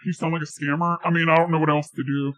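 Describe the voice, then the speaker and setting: A woman's voice: low-pitched, little pitch movement, quick pace, low-quality recording. A woman streamer chatting casually and giggling while she tests a voice changer. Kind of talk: casual live-stream chat.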